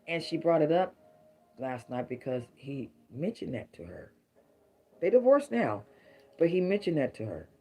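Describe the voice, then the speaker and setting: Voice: medium pitch, very animated, moderate pace, mellow, soft background music. Preachy middle-aged tarot reader. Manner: rhyming catchphrases, emphatic, preachy. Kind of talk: casual tarot reading to viewers.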